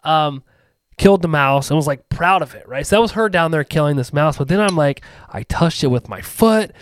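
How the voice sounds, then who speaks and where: A man's voice: a little high, fairly quick, no room sound, studio quality. A man telling a long rambling anecdote in casual podcast chat, full of asides and restarts. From rural US.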